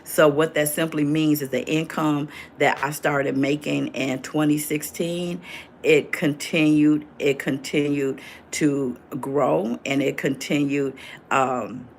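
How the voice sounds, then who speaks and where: A woman's voice: deep voice, fairly even intonation, measured pace, creaky, slight background noise. An older woman in her sixties, chatting casually on a livestream as host, reading viewers' comments aloud and answering them.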